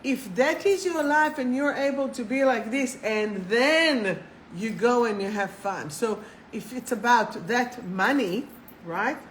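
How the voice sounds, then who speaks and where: A woman hosting a live spiritual talk, chatty and animated, swearing casually and laughing at herself. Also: on the high side, unhurried, a little hiss or hum, rough recording. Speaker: spiritual coach and live show host.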